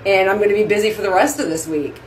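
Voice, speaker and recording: A woman's voice: medium pitch, fast, slight background noise, low-quality recording. Chatty woman vlogging at her sink. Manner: chatty and effusive, says "y'all". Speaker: vlog host. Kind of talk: casual chat to camera. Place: at a bathroom sink at home.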